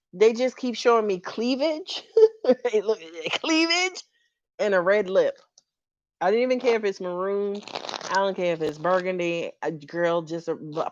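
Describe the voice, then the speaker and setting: A woman doing a live-stream tarot reading, sassy and animated and laughing often. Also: mid-range voice, no echo, lo-fi sound. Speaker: tarot reader.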